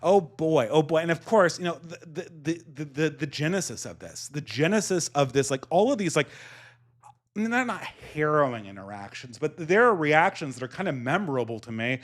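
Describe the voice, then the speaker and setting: In a casual podcast chat, a US man with a Californian accent and a slight lisp rambles through stories, restarting often and laughing a lot. His pitch is fairly high, his intonation lively, and his pace moderate.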